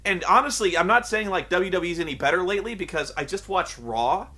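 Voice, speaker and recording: A man's voice: high-pitched, fairly quick, slightly rough. A man reviewing a wrestling show in a casual, sarcastic rant. He swears freely and drifts off on tangents. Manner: animated, profane, sarcastic, goes off on tangents. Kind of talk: casual ranting commentary.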